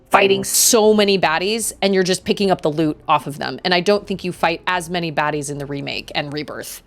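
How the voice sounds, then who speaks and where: Chatty woman streamer, low and creaky. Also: fairly quick, hardly any pauses. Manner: chatty, reacts aloud, reads game text. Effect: occasional robot voice filter. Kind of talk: casual live gameplay commentary. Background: game music.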